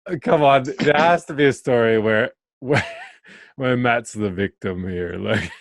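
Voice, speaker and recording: A man's voice: medium pitch, unhurried, gravelly, no room sound, clean studio sound. A man hosting a podcast in casual chat, playfully prodding his guests for stories. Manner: playful, prodding, laughs along. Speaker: podcast host.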